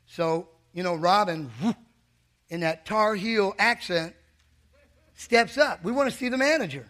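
A man's voice: sits high, pushed and bright. A middle-aged male pastor preaching a sermon, telling a funny story and teasing his congregation.

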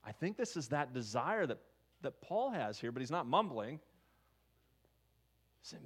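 A man's voice: mid-range voice, very animated, a little slow, pauses often, breathy edge. A man preaching a sermon as pastor, talking conversationally and asking his listeners questions. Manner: conversational, asks the congregation questions.

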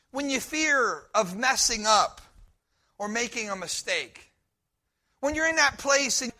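Male pastor, emphatic sermon delivery, high and tense-edged voice. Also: normal speed, bright, forceful tone. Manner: emphatic preaching, repeats promises with rising force.

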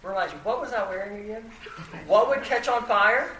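Guy with a high bright voice telling a goofy story on himself, echoey room, mic kinda far. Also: moderate pace. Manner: self-deprecating, chatty, lots of fillers and restarts. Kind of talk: humorous personal story told to an audience. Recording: echoey room, mic at a distance, faint noise.

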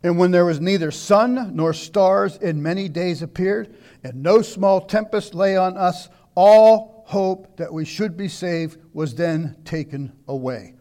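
Older male preacher, high voice, fervent sermon delivery that swings between loud declaiming and hushed asides. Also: measured pace.

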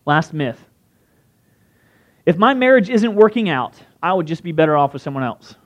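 A man's voice: fairly high pitch, very animated, normal speed, lo-fi sound. A man giving a conversational sermon, often putting questions to his listeners. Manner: conversational, asks the crowd questions. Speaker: pastor.

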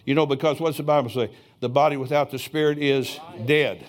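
A man's voice: mid-range voice, steady tone, a little fast. An older man preaching a sermon in a church, telling stories in a folksy way with chuckling asides. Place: church sanctuary.

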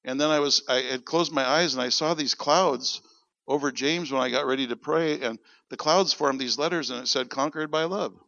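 Male preacher, gravelly and forceful, animated storytelling sermon, dry lo-fi recording. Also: medium pitch, moderate pace, no echo. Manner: animated, acts out quoted dialogue. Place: church. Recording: dull lo-fi sound.

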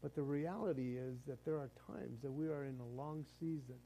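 Mellow-voiced pastor preaching casually. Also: male voice, mid-range voice, a little fast, vocal fry, slight background noise, low-quality recording. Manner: conversational preaching, repeats words, chuckles. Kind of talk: sermon.

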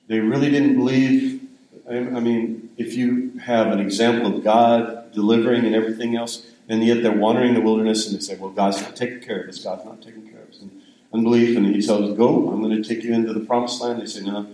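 A man's voice: medium pitch, mellow, reverberant, rough recording. An older man giving a sermon in a conversational, rambling storytelling way. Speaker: pastor.

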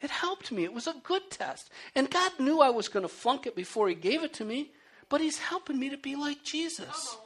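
Man, preacher, lively sweeping pitch, personal testimony, acts out his own pleas, reads scripture and explains it. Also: moderate pace. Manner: animated storytelling, acting out his own pleas and rising to loud cries.

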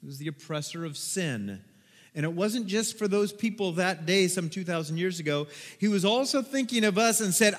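A man preaching a sermon as a pastor, animated and dramatic, acting out excited crowd voices with loud whoops. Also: sits high, normal speed. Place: church sanctuary. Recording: long hall reverb.

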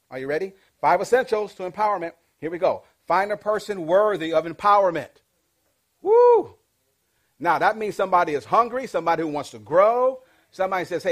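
A man teaching a leadership class, energetic and interactive, calling out questions and pushing the audience to answer back. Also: fairly high pitch. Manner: energetic, call-and-response with the audience.

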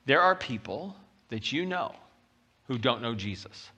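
A man preaching a sermon as pastor, talking in a lively, conversational way and reading scripture aloud with rising intensity. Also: medium pitch, measured pace. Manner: animated and conversational, often acting out quotes.

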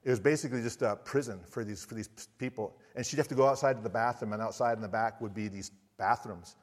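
Fast and steady in tone, a man with a fairly low pitch delivers an earnest sermon as a missionary preacher from the United States. He shares a personal story, restarting often, and a large hall's long reverb surrounds him.

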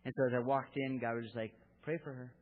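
Speaking fast in a flat, mid-range voice, a man in his thirties preaches at a church gathering for fathers. His sermon is earnest and candid, drawing on stories from his own family, and the recording sounds tinny and lo-fi, like a phone.

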